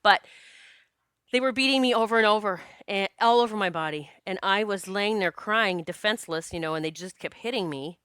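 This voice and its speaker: A woman's voice: medium pitch, brisk, clean tone, no room sound, clean studio sound. Chatty spiritual woman storyteller. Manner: animated, chatty, frequent restarts and quoted self-talk; spiritual, earnest. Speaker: podcast host, psychic medium. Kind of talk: casual personal storytelling.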